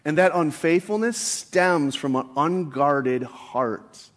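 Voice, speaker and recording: A man pastor preaching a morning sermon, slowing down to repeat key lines for emphasis and rising in force as he reads scripture. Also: a little high, lively intonation, fairly bright tone.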